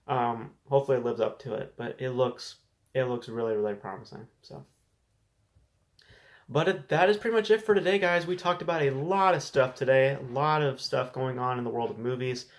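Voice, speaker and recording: A man's voice: mid-range voice, quick pace. A man hosting a casual solo movie news show, sharing frank opinions in a conversational way, often restarting and repeating words. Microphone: desk camera setup.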